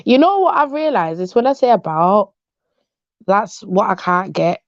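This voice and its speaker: A woman's voice: mid-range voice, big pitch swings, normal speed, dry recording. A woman hosting a live online panel in casual banter, giggling and trying out a put-on accent that keeps shifting. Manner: playfully putting on a changing accent, giggly. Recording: dull lo-fi online call audio.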